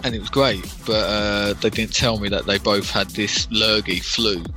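A man's voice: lowish voice, moderate pace, music in the background. A British man co-hosting a casual podcast, telling stories and acting out the voices of people he quotes. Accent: British English. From Britain. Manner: animated storyteller, acts out quoted voices. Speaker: podcast co-host. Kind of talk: casual chat.

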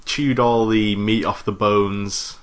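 Laid-back man, low voice. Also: level tone, slow pace. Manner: laid-back, rambling game recap. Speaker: podcast co-host. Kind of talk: casual chat.

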